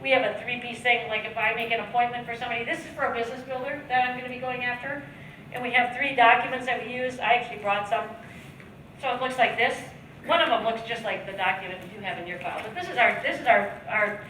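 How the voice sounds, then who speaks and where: A woman giving a motivational sales training talk at a seminar, coaching the audience with rhetorical questions and acted-out sales pitches. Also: fairly even intonation, fast, bright, forceful tone. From United States. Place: seminar room, heard from a distance. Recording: echoey room, distant mic, faint background noise.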